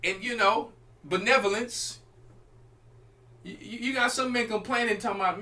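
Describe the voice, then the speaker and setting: A man's voice: high voice, normal speed, long pauses, sharp tone. A man preaching as a church elder, teaching an informal sermon in an emphatic, colloquial way and speaking straight to his listeners.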